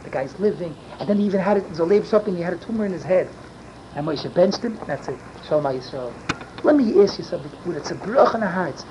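A man's voice: sits high, expressive, quick pace. An older man telling a long story, often raising his voice and mixing in Yiddish and Hebrew words. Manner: yelling and emphatic. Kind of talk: animated storytelling. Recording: dull lo-fi recording with loud background noise.

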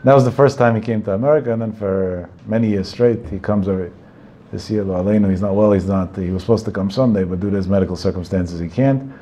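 A man's voice: fairly low pitch, quick pace, mellow, slight background noise. A man giving a religious talk, telling anecdotes in a digressive way with Hebrew terms mixed in. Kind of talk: Torah talk with storytelling.

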